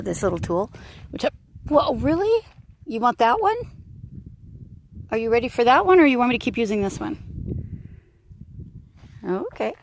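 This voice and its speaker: Chatty, gravelly-voiced woman outdoors. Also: a little high, noisy background. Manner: chatty, rambling, laughs often. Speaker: horse sanctuary keeper. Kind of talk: casual vlog. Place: outdoors with a horse.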